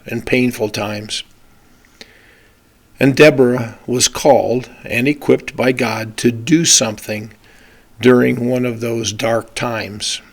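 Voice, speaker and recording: A man leads a brief devotional, hoarse from a cold, with a scratchy, gravelly voice. He talks slowly, reflectively and with measured pauses. His pitch sits in an ordinary middle range. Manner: slow, measured, reflective delivery. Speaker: pastor. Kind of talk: short devotional talk with prayer.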